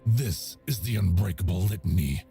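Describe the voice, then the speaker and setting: A man voicing a male warrior who chants a battle litany in slow, ritual cadence. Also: low-pitched, lively intonation, vocal fry, dark tone, faint music behind. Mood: chanting.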